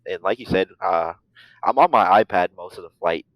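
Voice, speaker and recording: A young man in his twenties with a low voice, talking loosely as a podcast guest and filling pauses with ums and likes. His voice sounds close and dry, with almost no room around it. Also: no room sound, poor audio. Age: 20s. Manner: easygoing, rambling, with many fillers. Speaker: guest, student pilot. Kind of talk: casual interview chat.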